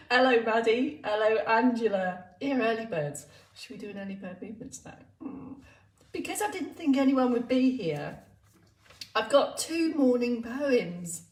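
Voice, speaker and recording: A woman's voice: fairly high pitch, lively intonation, a little slow. A woman exercise instructor chatting playfully on a live stream, laughing often. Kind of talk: live-streamed casual chat. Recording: roomy, distant sound.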